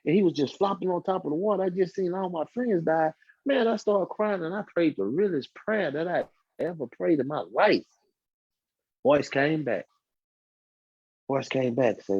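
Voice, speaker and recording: Husky man telling a story, animated. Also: fairly high pitch, moderate pace, no room sound. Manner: animated storyteller acting out quoted voices. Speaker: podcast guest. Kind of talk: casual storytelling testimony. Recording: dull lo-fi dry sound.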